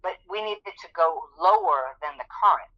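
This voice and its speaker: A woman with a bright, forward voice tells her own story to an interviewer with earnest, dramatic intensity. The recording sounds dull and lo-fi. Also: lowish voice, normal speed. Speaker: guest telling her testimony. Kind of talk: emotional personal storytelling.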